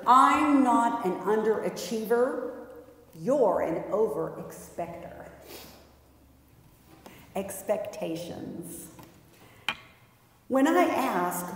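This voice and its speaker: A woman's voice: medium pitch, a little mellow. Woman preaching in an echoey hall. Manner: conversational, lightly humorous storytelling. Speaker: pastor. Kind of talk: sermon. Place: church sanctuary.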